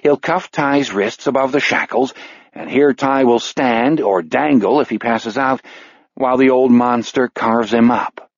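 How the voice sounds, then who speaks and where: A man narrating an audiobook in a measured voice, slowing on grim details. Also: mid-range voice, dry recording, lo-fi sound.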